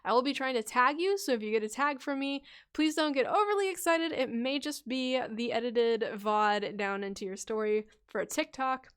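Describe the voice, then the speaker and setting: Woman streamer, slightly high voice, playful, laughs a lot, reads aloud, whispered asides. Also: normal speed, few pauses, fairly bright tone, clean tone. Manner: chatty and playful, laughs often, trips over her reading and corrects herself. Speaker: livestream host reading viewers' character stories. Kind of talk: casual livestream chat.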